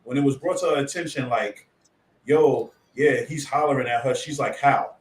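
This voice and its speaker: A man co-hosting a radio talk show, telling a relaxed anecdote in casual chat and quoting people as he goes. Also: medium pitch, normal speed, distant mic, slight background noise. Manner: relaxed storyteller, quotes people. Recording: roomy sound, off-mic.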